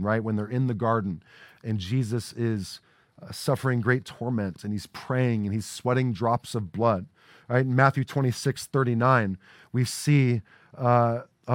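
A man's voice: mid-range voice, dry recording, studio quality. A man preaching a sermon as a pastor, talking in a casual way and often checking in with "right?". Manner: conversational preaching with frequent "right?" asides. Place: church sanctuary.

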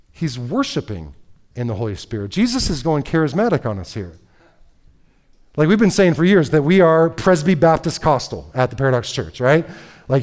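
A man preaching a sermon in a lively, conversational way, reading scripture and breaking into casual asides with frequent "right?" and "okay?". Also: a little high. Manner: reads scripture aloud, then comments in asides. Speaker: pastor.

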